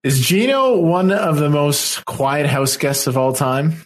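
A man co-hosting a podcast in casual chat, animated, with quick opinions and exclamations. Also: a little high. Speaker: podcast co-host.

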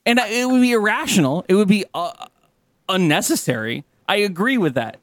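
A man co-hosting a casual podcast, ranting in exasperation and tripping over repeated words. His voice sits fairly high and swings widely, with a dry, close sound. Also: big pitch swings, fairly quick, no echo. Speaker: podcast co-host. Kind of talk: casual chat.

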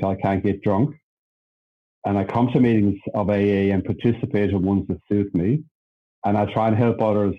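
A man's voice: on the low side, phone-quality sound. An Irish man, a podcast guest, telling his own story in a plainspoken, self-deprecating way. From Ireland. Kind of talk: candid storytelling chat.

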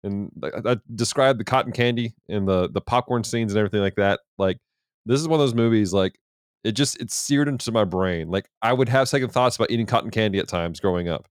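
A man co-hosting a casual movie podcast, telling stories in an animated way and laughing often. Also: lowish voice, brisk, clean tone, no echo, clean studio sound. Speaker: podcast co-host. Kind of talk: casual chat.

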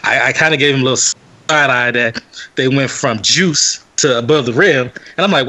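A man's voice: medium pitch, moderate pace. A young man hosting a podcast, telling a story in casual chat, acting out what people said and laughing often. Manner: animated storyteller, acts out quotes, laughs often. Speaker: podcast host.

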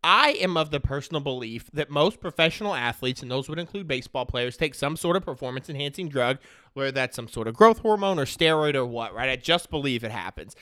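A man delivering a casual sports rant with a lively, swooping delivery. He peppers his talk with slang and keeps checking in with the listener. The sound is dry and close, with no room in it. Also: medium pitch, brisk, clear, resonant tone, dry recording. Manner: animated, slangy, peppered with "right?" and "dude"; opinionated, ranting. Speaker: sports commentator.

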